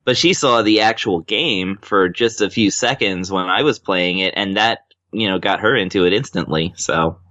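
Low-voiced rambling man on a podcast. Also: normal speed, hardly any pauses, fairly bright tone, no room sound, lo-fi sound. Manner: rambling, full of ums and uhs. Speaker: podcast guest. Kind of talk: casual chat.

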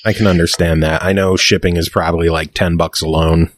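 A man with a low voice hosts a casual gaming podcast. He jokes, swears freely and laughs often. The sound is dry and close. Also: little pitch movement, brisk, dry recording. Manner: profane, joking, laughs easily. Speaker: podcast host. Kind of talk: casual chat.

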